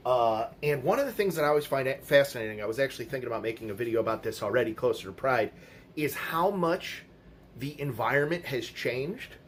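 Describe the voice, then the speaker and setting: A man's voice: mid-range voice, animated, brisk, slight background noise. A middle-aged man telling stories in a blunt, profane, casual monologue, quoting other people as he goes. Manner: blunt, profane, storytelling with quoted voices. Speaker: vlogger.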